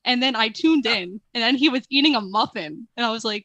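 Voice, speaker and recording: A woman's voice: on the high side, expressive, fairly quick, a bit bright, dry recording, lo-fi sound. Young woman chatting, dry close sound. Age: young adult. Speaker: podcast co-host. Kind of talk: casual chat.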